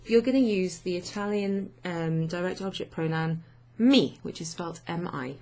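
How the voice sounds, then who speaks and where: A woman language teacher explaining grammar to her students in an unhurried way, thinking aloud with many fillers. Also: on the low side, darkish tone.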